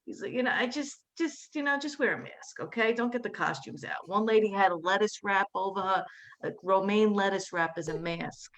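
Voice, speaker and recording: A woman working through a stand-up set in a chatty, rambling way. Her pitch sits in the middle of the range, and she drops into flat, lower tones whenever she mimics relatives. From Staten Island, New York. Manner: chatty, quick asides, mimics family in a flat low voice. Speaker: stand-up comedian.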